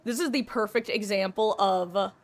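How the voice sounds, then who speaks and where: A woman's voice: medium pitch, normal speed. A woman chatting casually while she streams a game. She rambles and swears freely. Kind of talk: casual chat while gaming.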